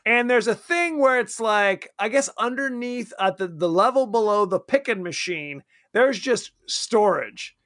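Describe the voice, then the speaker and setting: A man with a high, bright voice that swoops widely as he chats. He co-hosts a casual film podcast and keeps slipping into quick silly character voices. The sound is dry and close. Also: animated, dry recording. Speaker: podcast co-host. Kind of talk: casual chat about a horror film.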